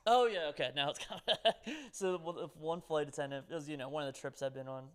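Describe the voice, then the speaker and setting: A man's voice: a little high, fast, clear, resonant tone. A young man co-hosting a podcast in casual chat, laughing often and restarting his sentences. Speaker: podcast co-host.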